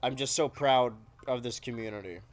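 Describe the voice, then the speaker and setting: A man's voice: medium pitch, moderate pace, soft background music. A man casually commenting as he plays a video game on stream, joking with his chat. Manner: joking, animated, talking to chat while playing.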